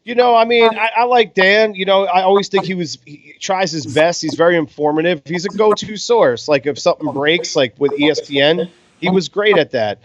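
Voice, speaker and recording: A man's voice: high-pitched, fairly quick, no echo. Chill guy calling old fights over beers, dull lo-fi sound, swears a lot. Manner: laid-back, swears casually. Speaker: podcast co-host. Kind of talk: casual boxing commentary over beers. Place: home in Las Vegas.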